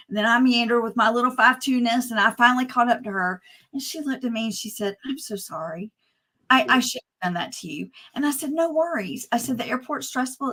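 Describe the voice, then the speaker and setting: Bright, lively woman telling stories. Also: a little high. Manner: animated, personal anecdotes told with humor. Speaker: panel speaker, nonviolence educator. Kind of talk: storytelling on a panel. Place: conference stage.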